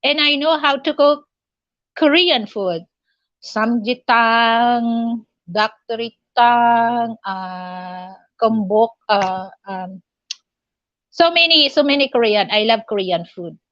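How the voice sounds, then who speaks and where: A woman with a Filipino accent hosting a casual live chat, halting and full of fillers and restarts. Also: mid-range voice, lively intonation, a bit bright, no room sound, lo-fi sound. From Philippines. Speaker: livestream host.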